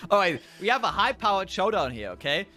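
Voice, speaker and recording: A man giving relaxed play-by-play commentary on a card game tournament. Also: high-pitched, fairly quick. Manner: relaxed play-by-play, calls the action. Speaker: esports caster.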